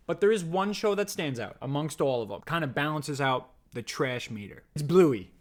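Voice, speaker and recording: Man, 30s, dad, comedic vlog commentary, sarcastic, bouncy pitch, slightly high voice. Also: expressive, a little fast. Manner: sarcastic, jokey, mock-dramatic. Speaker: dad commentating on a kids' show.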